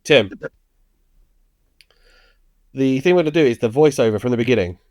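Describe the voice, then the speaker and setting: A man's voice: medium pitch, lively intonation, moderate pace, a little mellow, no room sound, clean studio sound. A man co-hosting a podcast in casual, jokey, teasing chat. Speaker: podcast co-host.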